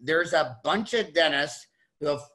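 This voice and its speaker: A man's voice: fairly high pitch, expressive, measured pace, sharp tone. A man hosting a podcast interview, rambling casually and restarting his sentences often. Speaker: podcast host.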